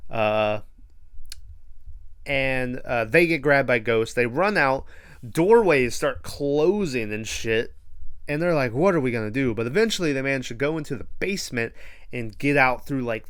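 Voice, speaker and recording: A man's voice: mid-range voice, a bit bright, clear, resonant tone. A man hosting a podcast, casually recapping a movie in a laid-back, rambling way and swearing freely. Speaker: podcast host.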